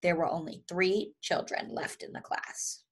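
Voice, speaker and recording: A woman teacher reading a children's storybook aloud to her students, in a lively, expressive way. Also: on the low side, measured pace.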